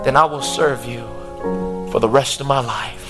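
A man's voice: medium pitch, steady tone, moderate pace, loud music behind the voice, pitched below the performer's own voice, close to an everyday voice. A man preaching, voicing a strong young male slave in a sermon story with defiant, declaiming lines. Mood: devoted. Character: big strong young male slave, stubborn then devoted.

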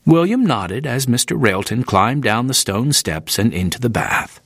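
A male narrator reads an audiobook with clear, even storytelling. His pitch moves in a lively way. The recording is dry and close. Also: moderate pace, few pauses, no echo.

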